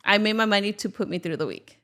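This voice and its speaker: Young woman on a podcast, smooth clear voice, laid back. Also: medium pitch, fast. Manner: relaxed, many "like" fillers. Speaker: podcast guest. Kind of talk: casual interview answers. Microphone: studio microphone.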